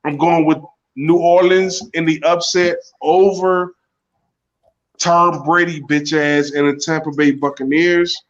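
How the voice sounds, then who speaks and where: A man's voice: fairly high pitch, flat delivery, a little slow, highs cut off. A man co-hosting a casual sports podcast, brashly rattling off his picks and swearing freely. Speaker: podcast co-host.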